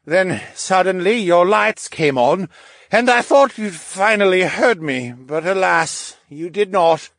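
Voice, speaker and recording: A lovesick young scientist gushes in a shrill, loud voice that swings wildly. He is giddy and dramatic and sometimes almost shouting, recorded dry. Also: expressive, slow, no echo, heavily acted. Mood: gushing.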